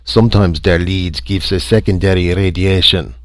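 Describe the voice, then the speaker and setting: A man's voice: deep voice, fairly even intonation, normal speed, dry recording, clean studio sound, lightly acted. A man voicing an eager ship engineer with a German accent and broken English. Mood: earnest.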